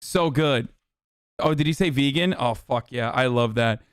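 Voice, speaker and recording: A man's voice: medium pitch, measured pace, clean tone, no room sound, clean studio sound. A man streaming a casual reaction commentary, blunt and profane, with scornful laughs.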